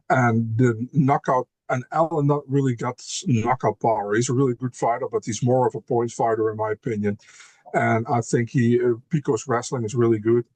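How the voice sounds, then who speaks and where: A man's voice: medium pitch, darkish tone, no echo. Blunt male fight analyst, dry sound. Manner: blunt, swears, repeats words while thinking. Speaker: MMA analyst guest. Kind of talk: casual podcast chat.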